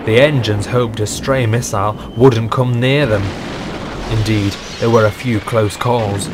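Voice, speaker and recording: A man narrating a scripted storybook in a steady, earnest way. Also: on the low side, a little slow, background noise.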